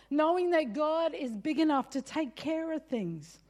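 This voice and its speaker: A woman's voice: sits high, animated, moderate pace, a little mellow. A woman pastor preaching a sermon, emphatic and personal, punctuating her points with "come on.".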